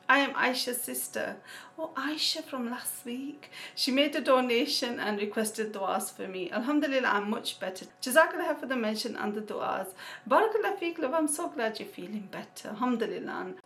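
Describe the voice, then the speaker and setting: A woman with a fairly high voice, chatting casually to her viewers as a vlogger. She reads out names and thanks each donor with Islamic blessings, laughing here and there. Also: animated, normal speed, fairly bright tone. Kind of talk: casual chat.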